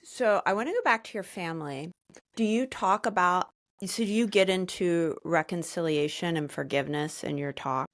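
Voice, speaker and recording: Woman host, lowish voice, dry close sound, gentle questions. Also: normal speed, dry recording. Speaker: podcast host. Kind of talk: interview questions.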